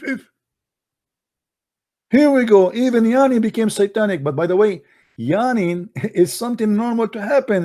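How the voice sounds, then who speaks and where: A man's voice: on the high side, mellow. A man giving a mocking, sarcastic polemical monologue in broken English grammar. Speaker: religious debate commentator.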